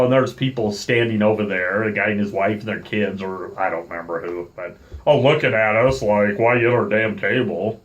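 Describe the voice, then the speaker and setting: Speaking at a moderate pace in a lowish voice, this middle-aged man recounts a story on his casual vlog. He sounds animated and annoyed, voices both sides of an argument, and calls himself by name in the third person.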